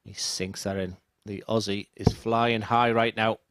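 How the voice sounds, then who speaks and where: A man's voice: fairly low pitch, flat delivery, unhurried, a bit bright, clean tone, no echo, clean studio sound. A man co-commentating on darts, chatty and joking as he trades opinions with his partner. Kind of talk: sports commentary banter.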